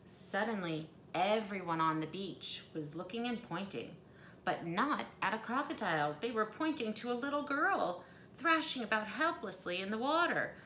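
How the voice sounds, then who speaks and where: Casting: animated storybook reader, woman, bright voice, echoey room with faint background hum. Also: mid-range voice, normal speed. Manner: expressive, animated storytelling with asides. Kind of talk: storybook read-aloud.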